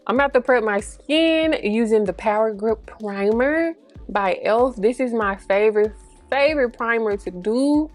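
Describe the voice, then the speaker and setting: A woman, chatting casually through a makeup tutorial, slangy and rambling, a little breathy. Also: fairly high pitch, unhurried, soft background music. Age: 30s. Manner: a little breathy, holds breath mid-sentence. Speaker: beauty vlogger. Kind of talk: casual get-ready-with-me chat.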